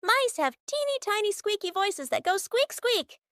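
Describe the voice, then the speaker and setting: A woman hosting a children's lesson, reading scripted narration for toddlers in a sing-song voice, naming each word slowly and with exaggeration. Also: very high voice, very animated, a bit bright, no room sound, clean studio sound. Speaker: children's educational host.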